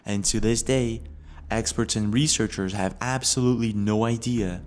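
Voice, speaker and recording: A man narrating a mystery video from a script, in a measured storytelling manner with leading questions. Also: lowish voice, fairly even intonation.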